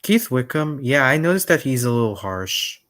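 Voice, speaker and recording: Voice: medium pitch, sing-song, moderate pace, fairly bright tone. A young co-host in a casual stream chat, mostly agreeing in short replies and adding opinions. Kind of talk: casual chat about a cartoon series.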